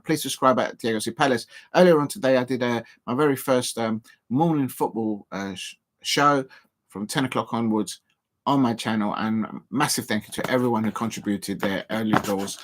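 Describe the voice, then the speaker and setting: A man talks casually through a live football stream, speaking from a seated spot at home. His pitch sits in a middle range, and he meanders, restarting sentences and filling gaps with ums. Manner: rambling, many ums and restarts, chatty asides to viewers.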